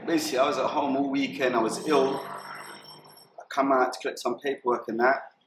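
A young man with a London accent telling his story vividly, acting out shouts and sounds as he goes. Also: medium pitch, steady tone, moderate pace, roomy sound, background noise. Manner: vivid retelling, acts out shouts and gunshot sounds. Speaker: interviewee. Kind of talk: animated storytelling.

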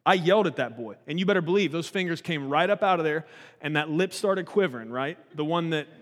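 A man in his thirties preaching a sermon in a conversational, animated way, often restarting his sentences. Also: on the high side, fairly quick, in a large hall. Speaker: pastor.

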